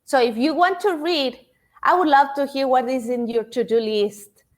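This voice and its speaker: A high-voiced woman whose first language isn't English gives an interactive motivational self-help talk, speaking with a non-native accent at a normal speed. She's chatty, repeats words, and addresses the audience directly.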